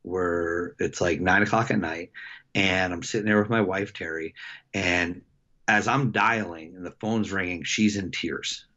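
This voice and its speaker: A middle-aged man, a wrestling coach, telling a story in a casual interview, reflective and halting with many fillers and restarts. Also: sits low, pushed and bright, highs cut off. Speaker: wrestling head coach, podcast guest.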